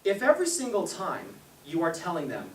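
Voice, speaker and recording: A man's voice: sits high, expressive, moderate pace, fairly bright tone. Young man giving a parenting seminar. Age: young adult. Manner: storytelling, laughs often and acts out quotes. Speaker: seminar presenter. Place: meeting room with a live audience. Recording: echoey room, distant mic, faint hiss.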